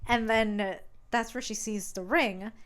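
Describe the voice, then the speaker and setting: A woman's voice: a little high, unhurried. A woman co-hosting a podcast, casually recapping a novel, swearing freely and acting out characters' lines. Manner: animated, swearing, acting out quotes with laughs. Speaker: podcast co-host. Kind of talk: casual book-recap chat.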